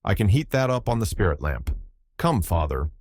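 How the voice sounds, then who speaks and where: A stern, penny-pinching matron with a deep voice, quick to disapprove, as a male audiobook narrator puts her on. The recording is close and dry, with nothing around the voice. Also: sing-song, darkish tone, no room sound. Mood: disapproving. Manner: disapproving, triumphant. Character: stern, thrifty older woman tourist.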